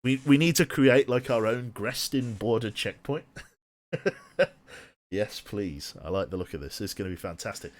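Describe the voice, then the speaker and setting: A man's voice: fairly low pitch, moderate pace. A man streaming a game, thinking aloud and rambling to himself with many restarts. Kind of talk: casual thinking-aloud gameplay commentary.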